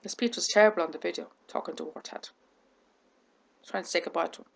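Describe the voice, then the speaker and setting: A woman's voice: mid-range voice, fairly quick, vocal fry, pauses often. A woman vlogger talking to camera with a stammer, repeating words, restarting sentences and running out of breath at the ends of sentences. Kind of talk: casual talk to camera.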